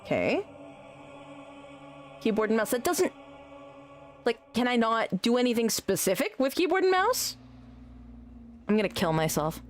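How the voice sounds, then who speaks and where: A woman's voice: fairly high pitch, big pitch swings, a little slow, pauses often, faint music behind. A woman streaming a game, chatting casually with her viewers, teasing them and swearing freely. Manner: teasing, swears a lot, talks back to chat.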